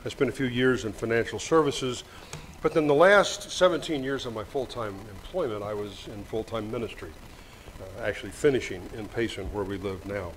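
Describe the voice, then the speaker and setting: An older man delivering a Sunday sermon in a church, joking lightly and reading scripture slowly. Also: on the low side, slight background noise, low-quality recording. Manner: folksy, joking asides, reads scripture slowly. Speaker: preacher. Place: church sanctuary. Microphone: microphone with monitor.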